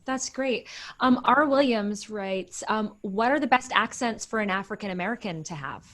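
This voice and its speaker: A woman's voice: medium pitch, animated, moderate pace, a bit bright. A woman hosting an interview, reading out listener questions and giving short, encouraging replies; she works as an audiobook narrator.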